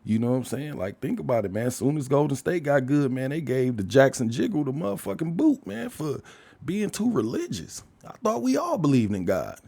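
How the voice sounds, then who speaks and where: A man's voice: mid-range voice, brisk, vocal fry, husky. An older man hosting a podcast, talking through a loose and profane monologue with frequent laughs. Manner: profane, rambling, animated, laughs often. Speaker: podcast host. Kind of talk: casual monologue.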